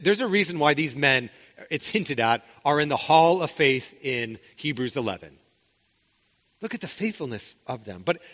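Animated preacher in a reverberant hall. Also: male voice, a little high. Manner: conversational, rhetorical questions, frequent restarts. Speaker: pastor. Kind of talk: sermon.

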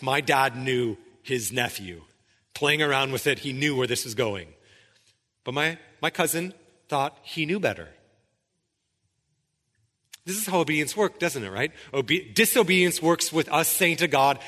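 A man's voice: a little high, animated, measured pace, pauses often, pushed and bright, in a large hall. A male pastor preaching a sermon, emphatic, often checking in with "right?". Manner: emphatic, keeps asking "right?".

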